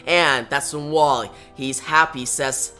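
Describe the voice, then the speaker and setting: A man's voice: medium pitch, fairly even intonation, measured pace, pushed and bright, clean tone, soft background music. A man who reviews comic books, retelling the story in a casual recap that often starts with "now". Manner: retells scenes plainly with frequent "now".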